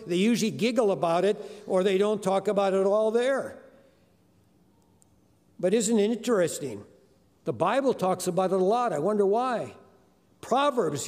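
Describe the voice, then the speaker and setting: An older man preaches in a church sanctuary in a high voice. He talks conversationally, with many "uh"s. Long reverb from the large hall trails each phrase. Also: a little mellow. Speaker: guest preacher. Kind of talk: sermon.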